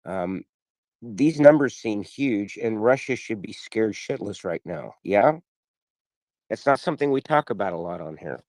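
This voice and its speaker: A man's voice: fairly low pitch, animated, measured pace, a little mellow, dry recording. Friendly questioning man, dry mic. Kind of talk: casual chat.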